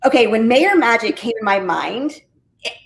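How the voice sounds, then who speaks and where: A high-pitched woman, a real estate agent appearing as an interview guest, chats casually and tells her story with enthusiastic, high-energy drive. She's expressive, speaks at a normal speed with some vocal fry, and her voice echoes around a roomy space.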